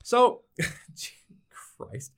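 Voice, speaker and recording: A young man co-hosting a podcast in casual chat, animated and ranting, with frequent swearing. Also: drawn-out words. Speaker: podcast co-host.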